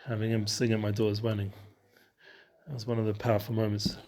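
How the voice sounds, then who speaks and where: A man's voice: on the low side, level tone, quick pace, darkish tone. A man teaching a Torah study session and hosting the show, talking loosely with many restarts and mixing in Hebrew and Yiddish terms.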